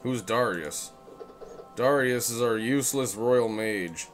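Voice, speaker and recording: A man plays through an old role-playing game and reads every line of dialogue aloud in an even, ordinary middle-pitched voice, dropping dry, deadpan asides between the lines. He laughs easily at the game. Soft music runs faintly under his voice. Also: takes it slowly. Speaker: gamer playing and reading dialogue. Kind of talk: let's play commentary reading game text aloud.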